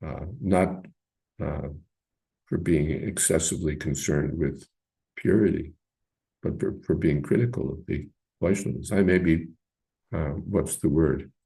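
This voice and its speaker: A man with a dark, husky voice leads a scripture class. He talks in a halting, searching way, with frequent fillers and pauses. His delivery is informal and reflective. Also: a bass voice. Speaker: teacher leading a scripture class.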